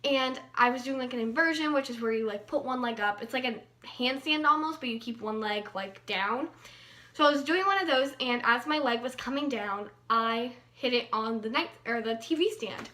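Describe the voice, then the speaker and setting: A woman's voice: on the high side, moderate pace, bright, forceful tone. Chatty young woman telling a storytime. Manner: chatty, lots of fillers, playful emphasis. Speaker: vlogger. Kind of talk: casual storytime vlog.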